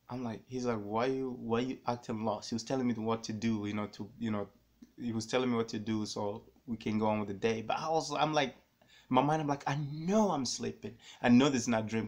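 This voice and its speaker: A man vlogging to camera, telling a personal story in a rambling, animated way and repeating himself often. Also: medium pitch.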